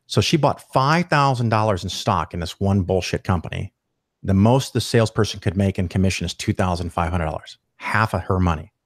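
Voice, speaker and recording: A man telling a story as a podcast guest, animated and profane, acting out the people he quotes. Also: sits low, brisk, dry recording, clean studio sound. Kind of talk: casual storytelling interview.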